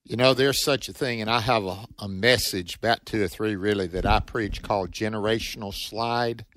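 A man with a Southern accent, a preacher co-hosting a radio ministry show, talking in a steady, sermon-like way. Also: on the low side, moderate pace, slight background noise.

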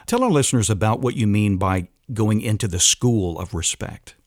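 A male host with a somewhat low voice, recorded dry and close. He leads the interview conversationally and affirms his guest's points. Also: lively intonation, normal speed, no room sound. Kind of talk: radio interview.

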